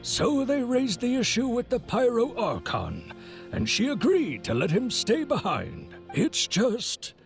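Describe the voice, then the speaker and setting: A man's voice: very high-pitched, huge pitch swings, measured pace, gravelly, faint music behind, full character voice. An actor playing a friendly, chatty older male merchant who tells stories in a folksy way in a video game. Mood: storytelling.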